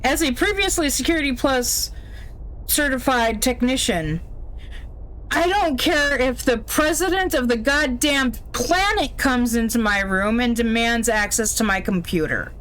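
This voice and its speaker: A woman's voice: on the high side, lively intonation, unhurried, a bit bright. A woman streaming a video game, commenting casually in a blunt, opinionated way with plenty of swearing.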